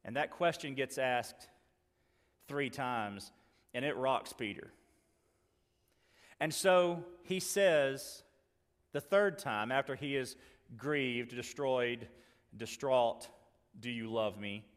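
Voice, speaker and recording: A man preaching a sermon, earnestly acting out the dialogue he quotes and moving between loud emphasis and quiet asides. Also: mid-range voice, takes it slowly, pauses often, in a large hall. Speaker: pastor.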